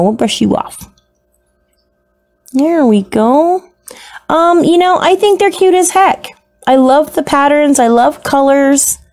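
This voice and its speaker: A woman's voice: fairly high pitch, darkish tone. A woman narrating a casual unboxing of her new pets, gushing and slipping into baby talk. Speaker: isopod hobbyist vlogger.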